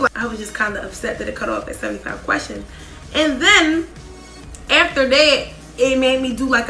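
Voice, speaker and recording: A young woman in her twenties tells a casual storytime, her bright voice sitting a little high. She talks in a chatty, animated way, full of "like" and quick asides. Her voice carries through a roomy, echoing space over faint background music. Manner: chatty, animated, heavy use of "like". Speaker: vlogger.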